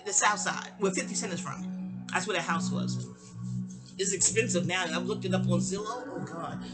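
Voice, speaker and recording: A woman's voice: moderate pace, loud music behind the voice. A middle-aged woman telling a long, rambling personal story and acting out the people in it. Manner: animated, digressive, acts out quoted voices with sharp pitch jumps.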